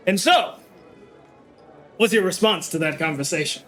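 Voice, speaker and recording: A man narrating a tabletop game as game master, playful and quick to chuckle. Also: high-pitched, expressive, a bit bright, faint music behind. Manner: playful, chuckling between voices.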